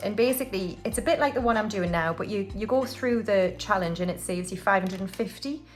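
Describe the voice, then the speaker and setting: A woman's voice: medium pitch, a little fast, faint music behind. A woman from the UK hosting a casual budgeting vlog, chatting and counting banknotes aloud while laughing at her own slips. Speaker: budgeting channel host. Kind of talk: casual cash-stuffing vlog.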